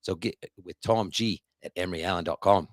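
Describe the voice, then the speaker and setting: A man's voice: deep voice, a little fast, dry recording, clean studio sound. A man putting on a jokey foreign accent to read an ad in a playful, exaggerated way. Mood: hamming it up. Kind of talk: comic ad read.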